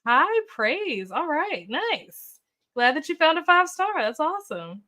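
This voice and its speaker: A woman with a slightly higher voice hosts a relaxed live chat about books. She sounds upbeat and chatty, reacting to her viewers with quick oohs and okays. She thinks aloud freely, dropping in ums and uhs as she goes. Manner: chatty, upbeat, reacts to comments with ooh and okay. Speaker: booktube livestream host.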